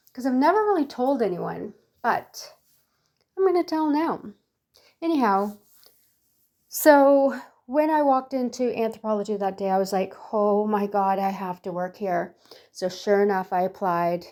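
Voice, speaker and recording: A woman's voice: medium pitch, a little mellow. Chatty woman in her sixties. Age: 60s. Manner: chatty, rambling, effusive. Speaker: lifestyle vlogger. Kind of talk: casual storytelling to camera.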